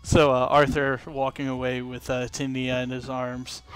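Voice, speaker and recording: A man's voice: mid-range voice, normal speed, clear, resonant tone. A man running a tabletop game as game master, narrating loosely with many fillers. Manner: relaxed, filler-heavy narration.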